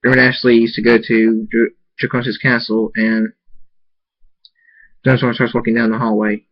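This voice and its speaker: A man reading a fan story aloud, halting now and then over names. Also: medium pitch, little pitch movement, muffled recording. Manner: halting, with restarts. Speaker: reader.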